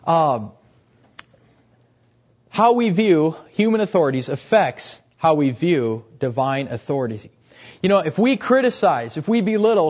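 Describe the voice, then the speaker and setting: A man's voice: high voice, a little mellow. A young man preaching a sermon earnestly, repeating key phrases and letting his voice drop at the end of each point. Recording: dull, lo-fi recording.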